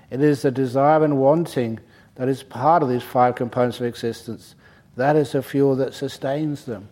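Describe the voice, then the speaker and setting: A man's voice: mid-range voice, steady tone, moderate pace, warm tone. A man giving a dharma talk to a retreat group as their meditation teacher, humorous and digressive, breaking off to joke. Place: retreat centre meditation hall.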